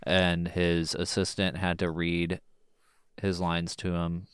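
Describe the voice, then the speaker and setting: A man co-hosting a podcast, chatting about a film in a relaxed way with many ums. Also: low voice, clear, resonant tone, no echo, studio quality. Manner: relaxed, drawn-out delivery with frequent ums. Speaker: podcast co-host. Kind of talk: casual film-review chat.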